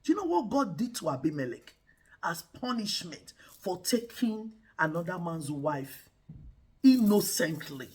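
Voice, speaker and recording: A woman's voice: fairly low pitch, big pitch swings, measured pace, darkish tone, husky. A woman hosting a show, giving faith-based relationship advice in a preacher-like way and calling viewers guys. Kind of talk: preaching-style relationship talk.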